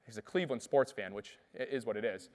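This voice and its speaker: A man giving an energetic keynote speech, telling stories and asking the audience questions. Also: mid-range voice, fast. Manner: lively, asks the audience questions. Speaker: keynote speaker.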